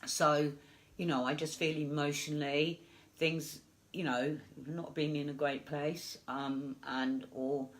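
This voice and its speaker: A woman medium giving a live psychic reading, gentle and reassuring, halting with many fillers. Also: low-pitched, steady tone. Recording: echoey room.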